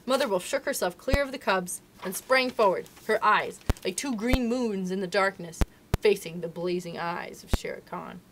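A woman reads a classic jungle tale aloud for a library, narrating in an even, clear way. Her pitch sits in the middle, with a faint hum of room behind. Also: normal speed. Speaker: library storyteller. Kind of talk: storybook read-aloud.

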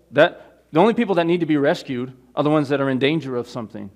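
A man's voice: fast, few pauses. Man preaching an emphatic sermon. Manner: preaching with rising emphasis, stretching key words; opens in a quiet, low prayer. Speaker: pastor.

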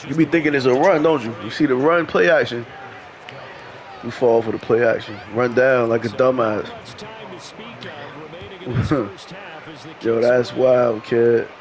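A man trash-talking loudly and profanely at his opponent while playing a video game, laughing often. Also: medium pitch, fairly even intonation, slow, pauses often. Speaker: gamer.

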